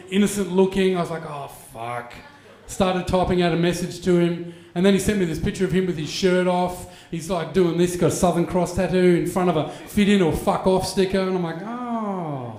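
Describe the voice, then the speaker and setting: Crude man in his forties, high voice. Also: echoey room. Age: 40s. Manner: crude, animated storytelling with mock voices. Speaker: stand-up comedian. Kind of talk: stand-up comedy set. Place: stage in a venue with an audience.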